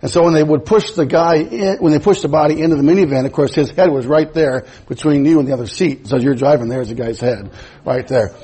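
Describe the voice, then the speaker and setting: A man's voice: a little high, brisk, dark tone, breathy edge, poor audio. A man preaching a sermon in a folksy, emphatic way, mixing scripture with personal stories. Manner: folksy, storytelling, emphatic rises.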